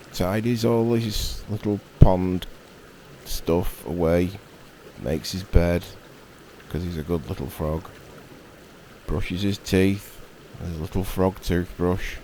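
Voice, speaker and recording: A man with a Northern English accent telling a meditative bedtime story in a relaxed, rambling way, with jokey asides. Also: low voice, creaky, a little hiss or hum. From Northern England.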